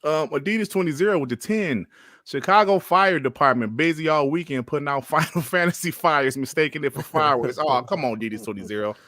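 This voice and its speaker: A man's voice: a little high, fairly quick, a bit bright, no room sound, clean studio sound. A man hosting a casual gaming podcast, talking in slang, filling with "you know" and laughing often. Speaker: podcast host.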